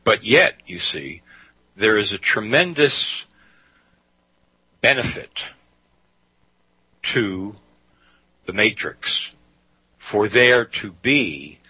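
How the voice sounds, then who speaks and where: A man's voice: lowish voice, pushed and bright, breathy edge, no room sound, rough recording. A man hosting a talk radio show, speaking emphatically and often saying "you see". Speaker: guest radio host.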